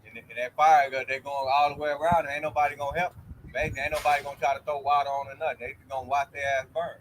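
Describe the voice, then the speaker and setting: A man in a casual religious discussion who speaks emphatically and chimes in with quick agreement. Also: on the high side, level tone, slight background noise, rough recording. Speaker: discussion participant.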